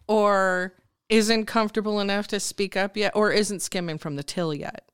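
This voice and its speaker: A woman's voice: mid-range voice, steady tone, normal speed, clean tone. A middle-aged woman co-hosting a casual Bible study podcast, playful and wondering aloud as she voices what the characters might have been thinking. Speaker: podcast co-host.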